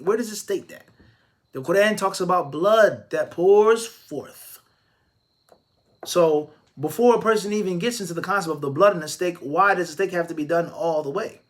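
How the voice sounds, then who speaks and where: Guy with a higher voice doing a live q&a, answers questions, throws a lot of rhetorical questions at you. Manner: emphatic, stacking rhetorical questions; measured explaining with Arabic religious phrases. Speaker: Islamic scholar answering viewer questions.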